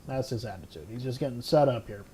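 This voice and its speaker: Bible-study host, male, mid-pitched, unpolished and thinking out loud between verses. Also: animated, fast talker, husky. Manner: reads scripture aloud, then muses with many fillers and restarts; admits unsure pronunciations. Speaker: podcast host. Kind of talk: casual Bible study talk.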